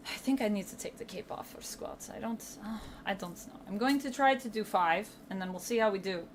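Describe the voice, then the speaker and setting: A woman's voice: mid-range voice, brisk, slight background noise. A woman streamer chatting casually on a livestream, thinking aloud and asking herself questions as she goes.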